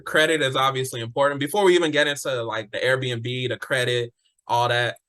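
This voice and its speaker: Man, podcast host, easygoing interviewer, bright tense voice. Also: mid-range voice, fairly even intonation, fairly quick, clear, resonant tone. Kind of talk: casual interview.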